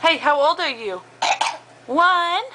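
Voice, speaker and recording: A woman's voice: high voice, animated, slow pace, background noise. A mother in a home video, coaxing her toddlers to repeat words in a sing-song, prompting way.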